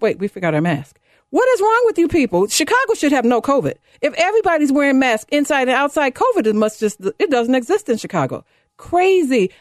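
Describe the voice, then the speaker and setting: A woman's voice: darkish tone, dry recording. Fifties woman radio host ranting, sarcastic, voice jumps up when she's mad, dry booth mic. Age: 50s. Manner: fired-up, sarcastic, rises high when indignant. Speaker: radio talk show host. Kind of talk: talk radio monologue. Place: radio studio. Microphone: studio microphone.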